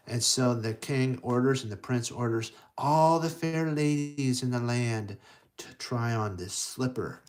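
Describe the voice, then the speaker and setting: Guy reading a kids story out loud, rambly, keeps restarting bits, middle pitch. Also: slow. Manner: loose, rambling with many restarts.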